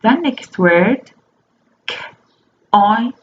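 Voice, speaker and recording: A woman teaching a slow phonics lesson to young children. She spells each word out letter by letter and repeats it. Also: mid-range voice, animated. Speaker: primary school teacher. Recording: dull lo-fi recording with faint noise.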